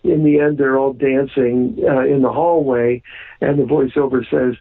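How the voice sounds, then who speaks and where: A man's voice: mid-range voice, fairly even intonation, normal speed. A man being interviewed on the radio, talking earnestly with many ums and restarts. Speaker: guest. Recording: phone-line call-in sound.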